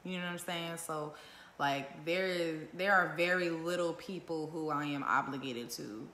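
Going live from home, a woman vlogger delivers a casual monologue in a low, forceful, naturally loud voice, blunt and swearing freely as she piles up rhetorical questions at a moderate pace. The indoor room gives a roomy echo, and there's a little hiss or hum.

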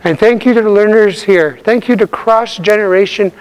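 A man teaching a language lesson to a live class, calling out words loudly for repetition and laughing often. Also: sits high, normal speed, smooth. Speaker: Cree language instructor. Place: multi-purpose room with a live class. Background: class of learners laughing and repeating.

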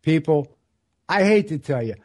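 A man in his sixties hosting a solo radio show, telling stories in a rambling, earnest way and slowing down for emphasis. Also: fairly high pitch, animated, darkish tone. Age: 60s. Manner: rambling, earnest storytelling with dramatic slow emphasis. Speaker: radio host.

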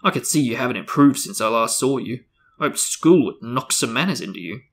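A man reading aloud and putting on the voice of a loud, domineering middle-aged aunt with a booming, barking delivery. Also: lively intonation, fairly quick, creaky. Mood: booming, scolding.

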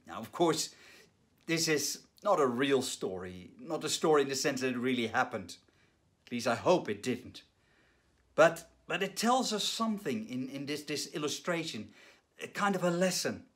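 A male pastor delivering a sermon, earnest and measured, who pauses, restarts now and then and lifts his voice for dramatic quoted cries. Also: fairly high pitch, lively intonation, fairly bright tone. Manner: dramatic retelling with rising, urgent quoted cries.

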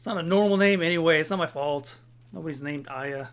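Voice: mid-range voice, a little fast. A let's-play host giving casual gameplay commentary in a rambling, self-deprecating way.

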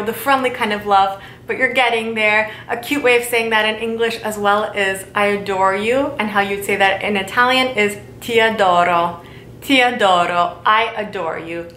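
A woman teaching a casual video lesson, repeating example phrases slowly and carefully. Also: fairly bright tone. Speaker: language teacher. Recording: echoey room with faint rumble.

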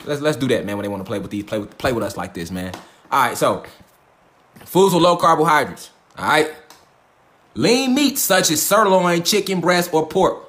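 A man's voice: fairly high pitch, big pitch swings, moderate pace, fairly bright tone, reverberant. A man giving a profane, preachy livestream lecture in street slang, often repeating himself. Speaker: livestream host.

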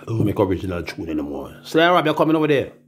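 A man's voice: lowish voice, big pitch swings, rapid-fire. A man with a Jamaican accent, telling rambling, profane stories in casual talk and acting out the voices he quotes.

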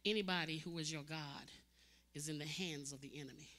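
A woman preacher delivering a sermon as dramatic storytelling, swinging from loud cries to hushed, intense tones. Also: low voice, fairly even intonation, brisk.

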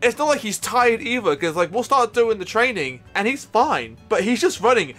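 Man streaming, lively voice, giggly and rambling, faint game music. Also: sits high, moderate pace. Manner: giggly, rambling, laughs a lot. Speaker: streamer and coach. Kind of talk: casual game stream chat.

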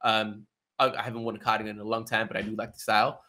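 A man's voice: lowish voice, level tone, racing, pushed and bright. A man hosting a casual, joking video-call chat. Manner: laughing, loose and joking. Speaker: channel host.

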